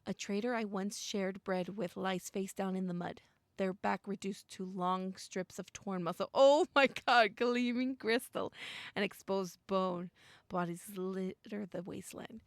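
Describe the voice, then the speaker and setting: Excitable young woman with gravelly fry. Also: medium pitch, measured pace, no echo. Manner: excitable, gasps and squeals at scary moments, mixes in Spanish. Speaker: streamer playing a visual novel. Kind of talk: reading game text aloud with reactions and chat.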